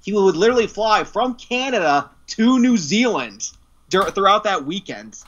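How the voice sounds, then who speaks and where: A man from New York, co-hosting a casual chat and telling stories in an animated way, laughing often. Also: high voice, normal speed. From New York, USA. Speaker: co-host. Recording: dull lo-fi sound.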